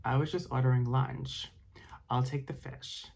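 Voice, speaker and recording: A man's voice: mid-range voice, fairly even intonation, a little slow, vocal fry, a little mellow, a little hiss or hum. A man voicing a teen girl posing as a female phone psychic with a put-on Jamaican accent, in ASMR storytelling. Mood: mock-mystical. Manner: mock-mystical, calls the caller "child".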